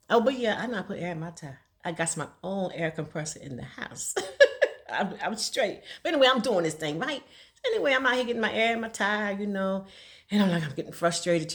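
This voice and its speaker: A woman's voice: mid-range voice, a bit bright. A middle-aged woman telling a casual, folksy story in a vlog, laughing often between lines. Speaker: vlogger.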